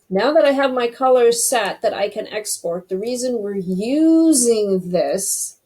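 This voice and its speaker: A woman's voice: medium pitch, mellow. A woman hosting a casual screen-recorded web design tutorial, chatty and thinking aloud as she clicks through each step.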